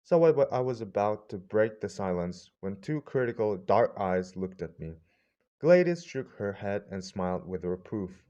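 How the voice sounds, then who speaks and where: A man narrating a story in a measured, wistful storytelling manner, in a slightly muffled recording. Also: lowish voice, very animated, warm tone. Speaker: audiobook narrator. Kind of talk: scripted narration.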